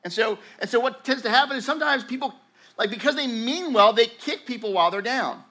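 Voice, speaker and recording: A man preaching a sermon in a conversational, animated way, often restarting his sentences and dropping to a softer, slower tone for reassurance. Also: extremely high pitch. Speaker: pastor.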